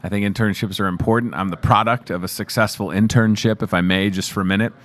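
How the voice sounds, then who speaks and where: A man's voice: lowish voice, steady tone, fast talker, fairly bright tone. A man in his thirties hosting a local morning show, chatting casually and joking with the crew while showing products. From Chicago area. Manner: chatty, upbeat and joking, talking to the camera and crew. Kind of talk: casual live show chat promoting store products.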